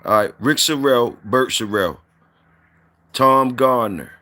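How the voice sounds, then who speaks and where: A man's voice: mid-range voice, takes it slowly, sharp tone. A man hosting a casual livestream, reading out viewer comments and saluting people in a loose, repetitive drawl.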